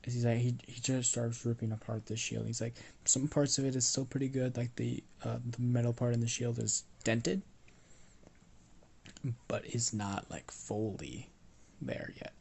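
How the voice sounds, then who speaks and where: A man's voice: mid-range voice, little pitch movement, moderate pace, creaky, a little mellow, breathy edge. A young man improvising a fan-fiction story, rambling with lots of "like" and restarts and casual swearing.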